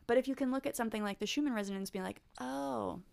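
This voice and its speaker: A woman's voice: a little high, quick pace, creaky, darkish tone. A young woman co-hosting a spiritual podcast, chatting casually with lots of fillers and the odd swear word. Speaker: podcast co-host. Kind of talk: casual chat.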